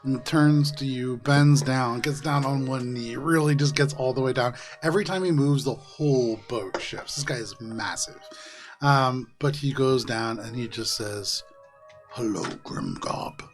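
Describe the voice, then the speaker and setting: A man narrating as dungeon master in a tabletop role-playing game, describing scenes in a relaxed way with fillers. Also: medium pitch, measured pace, soft background music.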